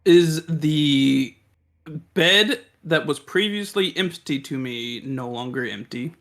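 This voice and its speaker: A woman playing a tabletop role-playing game, slipping in and out of character with loud panicked outbursts. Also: low voice, expressive, slow pace. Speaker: player.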